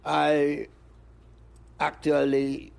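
An older man, an interview guest, rambling in slow looping phrases and breaking into high-pitched animal noises. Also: completely flat delivery, vocal fry, darkish tone, clear, resonant tone. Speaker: interview guest, music producer. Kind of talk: rambling stream-of-consciousness chat.

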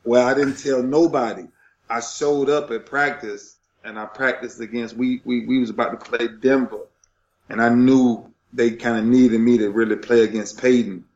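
A man's voice: medium pitch, fairly even intonation, moderate pace, a little mellow, echoey room. Middle-aged guy telling a story all fired up, repeats himself like a preacher, dull lo-fi sound. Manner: passionate, repetitive, preacher-like rhythm. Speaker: podcast guest, retired football player. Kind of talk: emotional storytelling.

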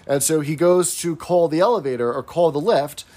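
A man with a slightly higher-than-average voice recaps a sitcom episode in relaxed podcast chat. He is animated and now and then drops into a quick impression of a character. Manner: animated, recounts scenes with quick quoted impressions. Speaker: podcast co-host.

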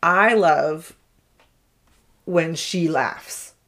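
A woman in her thirties co-hosting a casual podcast, relaxed and supportive, often murmuring agreement. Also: sits low, extremely slow. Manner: relaxed, supportive, many affirming backchannels. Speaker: podcast co-host. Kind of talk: casual chat.

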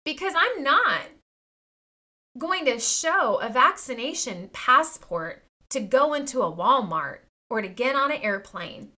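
Bright, high-voiced indignant woman vlogger. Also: very animated, a little slow. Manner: emphatic, indignant, addresses viewers as "you guys". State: near tears at times. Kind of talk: impassioned personal vlog.

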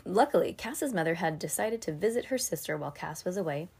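A woman's voice: fairly low pitch, expressive, brisk, darkish tone, husky. A woman hosting a podcast, reading a children's novel aloud in a casual way with chatty asides. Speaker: podcast host.

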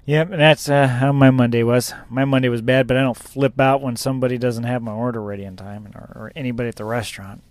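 A man's voice: medium pitch, steady tone, fast, hardly any pauses. A man who drives a truck, chatting casually and rambling about his day on the road. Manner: rambling, laughs at own story. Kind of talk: casual chat.

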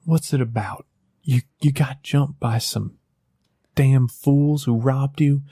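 A man voicing West, a loyal young frontiersman talking folksy and rough to his friend. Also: mid-range voice, fairly even intonation, slow pace, warm tone, no room sound, studio quality, pitched above the performer's own voice. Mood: urgent pleading. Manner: folksy frontier talk, pleading then cursing.

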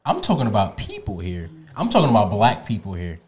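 A man's voice: fairly low pitch, wildly swooping pitch, a little fast, a little mellow. A young man co-hosting a casual group podcast, blunt, provocative and insistent. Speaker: podcast co-host.

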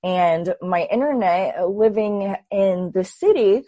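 A woman in her twenties, a guest telling her story in a casual, animated way and acting out her own past thoughts. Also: mid-range voice, slow pace, no room sound. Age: 20s. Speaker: interview guest.

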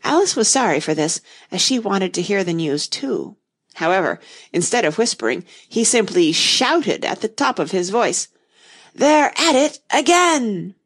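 A woman narrating a storybook aloud in a steady, expressive manner. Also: medium pitch, moderate pace.

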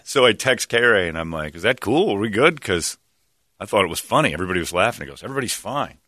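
A man's voice: lowish voice, fast, no echo, studio quality. A man hosting a talk show, telling a story in casual chat and animatedly acting out what others said. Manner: animated, acts out quotes of others.

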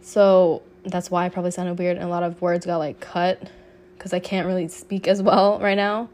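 A woman's voice: lowish voice, little pitch movement, moderate pace, a little mellow. A woman in her late twenties hosting a solo podcast, sick with a cough, talking casually and heartfelt, peppered with swearing and "like". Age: 20s. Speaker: podcast host.

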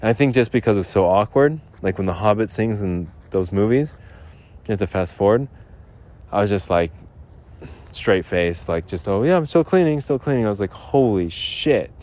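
A man rambles through a story on his own podcast, loose and profane, laughing at his own punchlines. His voice sits a little low. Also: expressive, brisk, a little mellow. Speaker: podcast host.

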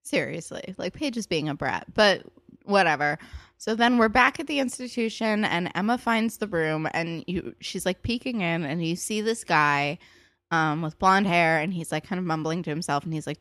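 Chatty low-voiced woman recapping a show. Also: normal speed, fairly bright tone, no echo, studio quality. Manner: chatty, filler-heavy, jumps into higher voices for quoted characters. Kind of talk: casual TV episode recap.

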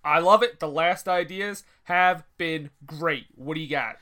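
A man playing a gullible male film executive in a comedy sketch, quick to agree with everything. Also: a little high, pushed and bright. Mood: eager.

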